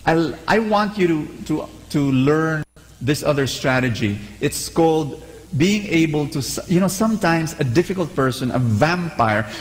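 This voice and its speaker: A man preaching a sermon, animated and conversational, asking the congregation to repeat after him. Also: on the high side, a little slow, in a large hall, low-quality recording.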